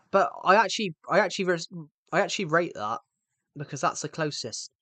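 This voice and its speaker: This UK streamer, in his twenties, has a slightly high, animated voice that sounds pushed and bright, at a moderate pace with no echo. Background music runs beneath his rambling, chatty replies to viewer comments as he plays.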